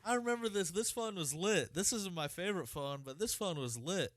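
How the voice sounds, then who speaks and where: A man co-hosting a podcast in casual chat, blunt and slangy with quick reactions. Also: high-pitched, lively intonation, a bit bright, no echo, clean studio sound. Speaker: podcast co-host.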